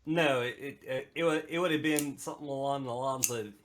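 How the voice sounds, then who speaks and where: A man playing a tabletop game, answering in an offhand, halting way. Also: mid-range voice. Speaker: player. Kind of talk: casual tabletop game chat.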